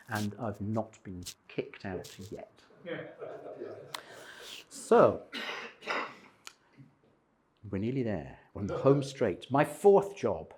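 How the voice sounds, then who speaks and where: A man's voice: fairly low pitch, creaky, darkish tone, breathy edge. A retired man in his sixties telling humorous, self-deprecating stories about his life to a church group. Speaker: speaker at a men's breakfast.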